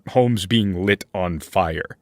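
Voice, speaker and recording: A man running a tabletop game as game master, narrating slowly with fillers and restarts. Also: low-pitched, dry recording, studio quality. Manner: slow, hesitant narration with many fillers.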